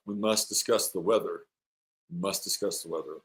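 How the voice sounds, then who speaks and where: Middle-aged male astrologer host, a bit low-pitched, loose and joking as he reads out chat comments. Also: steady tone, normal speed, fairly bright tone, rough recording. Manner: rambling, playful, reads viewer comments aloud. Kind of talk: live-stream chat with viewers.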